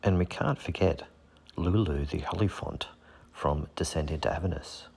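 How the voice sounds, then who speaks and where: A man's voice: low voice, normal speed, vocal fry, darkish tone, breathy edge. A man casually talking through fantasy monster art, joking and making puns along the way. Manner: jokey, punning, self-deprecating. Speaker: channel host.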